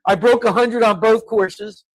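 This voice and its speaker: A man's voice: high-pitched, fairly even intonation, a little slow, no echo, rough recording. A man co-hosting a casual podcast, telling stories and ranting in exasperated bursts. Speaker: co-host.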